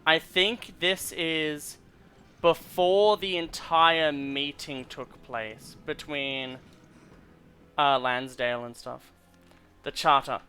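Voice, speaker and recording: A young man streams a game with casual, rambling commentary, often stumbling as he reads text aloud. His voice is bright and very clear, and faint music plays underneath. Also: on the high side, fairly even intonation, slow. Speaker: gameplay streamer. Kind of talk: casual commentary while gaming.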